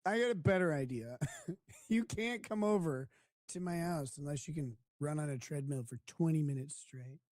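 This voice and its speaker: A man's voice: fairly high pitch, normal speed, darkish tone, dry recording. A man hosting a live stream, chatting casually with a crude, mocking manner and frequent laughter. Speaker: streamer host.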